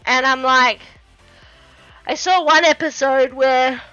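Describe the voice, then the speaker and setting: A woman's voice: high voice, steady tone, slow pace, pushed and bright, no echo, lo-fi sound, faint music behind. An Australian woman rambling in casual chat while she paints on a livestream, laughing often. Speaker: livestream host.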